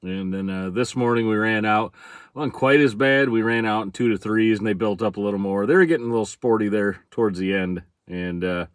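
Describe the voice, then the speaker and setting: A man's voice: lowish voice, a little fast, clean tone, no room sound, clean studio sound. A middle-aged man from central Michigan with a Michigan accent, chatting casually on a livestream about his fishing charters. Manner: relaxed, chatty, greets viewers by name, chuckles often.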